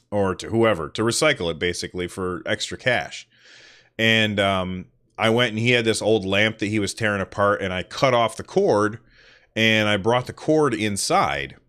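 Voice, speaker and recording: Guy doing a solo podcast stream, kinda low voice, rambly self-deprecating stories. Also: a bit bright. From northern United States. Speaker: podcast host. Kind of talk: casual solo livestream chat.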